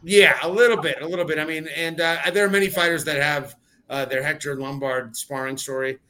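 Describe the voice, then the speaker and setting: A man's voice: on the high side, steady tone, fairly quick, bright, forceful tone. A man who competes in combat sports, talking casually on a podcast with many fillers and restarts. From California. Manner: rambling, filler-heavy, restarts often. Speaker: fighter and podcast guest. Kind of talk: casual chat.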